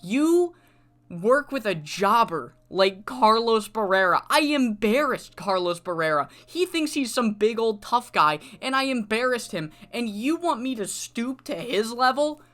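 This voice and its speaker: A woman's voice: fairly high pitch, lively intonation, unhurried, a bit bright. A woman voicing an arrogant male pro wrestler who curses and sneers while retelling a game story. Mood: contemptuous. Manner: scornful, swearing.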